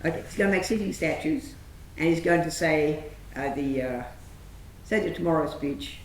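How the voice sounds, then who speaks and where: A woman theatre director coaching actors through a rehearsal, enthusiastic and calling out sharp commands. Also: moderate pace. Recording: echoey room, faint rumble.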